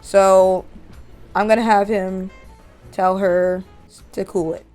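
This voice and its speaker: A woman narrates her gameplay casually, chatty and amused. Her voice sits at an ordinary middle pitch. Faint game music plays behind her. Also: little pitch movement, slow, pauses often, darkish tone. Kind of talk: casual let's-play narration.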